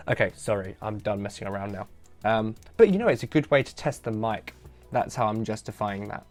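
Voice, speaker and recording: A man's voice: lowish voice, brisk, faint music behind. A man hosting a casual solo podcast into a headset mic, rambling and self-deprecating, tired and loopy after midnight. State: tired and loopy late at night. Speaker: podcast host.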